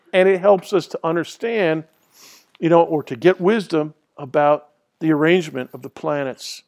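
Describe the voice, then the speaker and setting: A man's voice: fairly high pitch, creaky, a little mellow. A man giving a classroom lecture in a rambling, conversational way, with fillers and restarts. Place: lecture hall.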